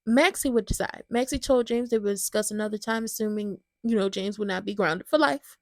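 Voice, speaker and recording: A woman hosting a casual soap opera recap, chatty and animated, talking straight to her viewers. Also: medium pitch, a little fast, dry recording.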